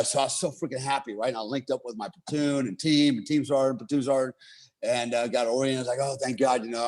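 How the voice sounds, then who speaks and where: Middle-aged man, American, veteran, casual storytelling, animated, swears, laughs. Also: medium pitch. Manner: animated, swears freely, laughs while telling. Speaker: military veteran telling war stories.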